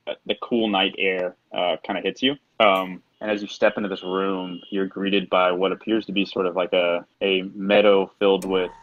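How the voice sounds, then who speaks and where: A man with a very low voice runs a tabletop game, describing scenes in a relaxed way and padding them with fillers. The recording sounds dull and lo-fi. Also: dry recording. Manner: relaxed, filler-heavy narration. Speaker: game master.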